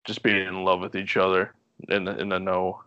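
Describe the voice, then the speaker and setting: Podcast guest, young man, deep voice, easygoing rambling storyteller, dry muffled recording. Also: moderate pace, clean tone, dry recording. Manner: relaxed, rambling, laughs often. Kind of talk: casual storytelling chat.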